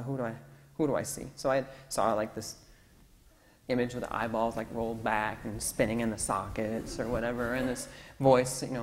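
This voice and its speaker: A male pastor leads a call-and-response sermon, his talk easygoing and coaxing as he repeats the answers people offer. His voice carries a long church-hall reverb. A faint hum of ambience sits beneath it. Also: mid-range voice. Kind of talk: interactive sermon. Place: church sanctuary.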